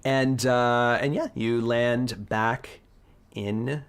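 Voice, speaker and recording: A man narrating a tabletop game as game master in a relaxed, laid-back way, with plenty of fillers. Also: mid-range voice, drawn-out words, smooth.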